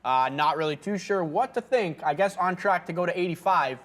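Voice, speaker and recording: Brisk and pitched high, this co-host's voice carries loose commentary on a live day-trading stream from a studio. He rambles and lets thoughts trail away with filler words.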